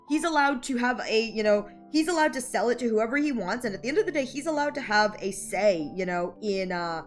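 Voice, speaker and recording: A woman's voice: a little high, fairly bright tone. A woman streamer chatting casually with her viewers, rambling with lots of fillers and frequent giggles. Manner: rambling, heavy "like" and "you know" fillers, giggly. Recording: faint music in the background.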